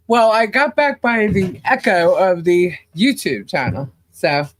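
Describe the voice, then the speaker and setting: A woman's voice: medium pitch, takes it slowly. A woman co-hosting a casual livestream, chatting and greeting viewers by name with frequent laughs. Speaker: podcast co-host.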